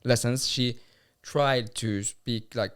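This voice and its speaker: Laughing man co-hosting a podcast chat, mid pitch, lots of fillers. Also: fairly even intonation, takes it slowly, a crowd in the background. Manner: chatty, laughs often, many fillers. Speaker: podcast co-host. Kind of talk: casual chat.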